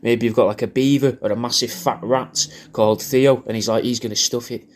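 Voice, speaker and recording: Male comic, crude rambling birthday shout-out, average pitch. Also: fairly even intonation, a little fast. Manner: rambling, crude, jokey, repeats himself. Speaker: comedian recording a personalised video message.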